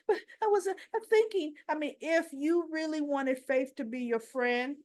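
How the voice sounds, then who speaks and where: A woman's voice: high-pitched, no room sound, clean studio sound. A woman hosting a casual soap opera recap vlog, giving strong opinions and retelling scenes with quoted dialogue.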